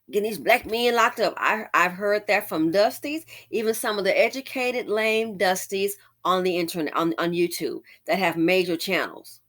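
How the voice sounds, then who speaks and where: A woman talks through her opinions in a bright, forward voice. She sounds sassy and exasperated and slips into mocking impressions. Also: mid-range voice. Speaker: commentary vlogger. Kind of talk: opinion commentary.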